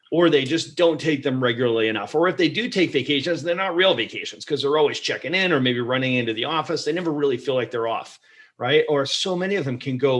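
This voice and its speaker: Chatty, laughing male podcast host. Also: medium pitch. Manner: energetic, chatty, laughs often. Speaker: podcast host and practice coach. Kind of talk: podcast interview.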